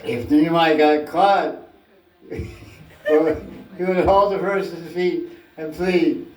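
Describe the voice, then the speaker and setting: A man's voice: fairly high pitch, fairly even intonation, very slow, darkish tone. A man giving a scripture class as spiritual teacher, telling stories playfully and acting out scenes, recorded from a distance in an echoey room.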